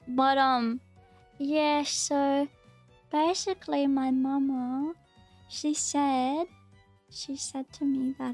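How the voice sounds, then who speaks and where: A woman chatting casually on a live stream, rambling and hesitant with lots of fillers. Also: high-pitched. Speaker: VTuber streamer.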